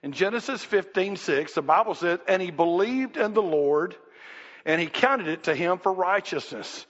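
A man preaching a sermon in a church, animated and emphatic, acting out quoted voices and shouting at the peaks. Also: high voice. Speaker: pastor. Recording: dull lo-fi sound with long reverb in a hall.

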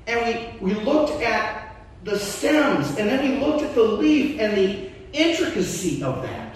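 Animated male pastor in an echoey hall. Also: very high-pitched, measured pace. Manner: animated preaching, voice rising and dropping. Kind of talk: sermon. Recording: echoey church hall, mic far off.

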